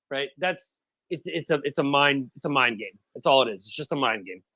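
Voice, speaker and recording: A man in a casual online audio chat, explaining things quickly and often checking in with "right?". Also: mid-range voice, expressive, sharp tone. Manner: talks fast, keeps checking in with "right?". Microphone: phone on spotty Wi-Fi and mobile data.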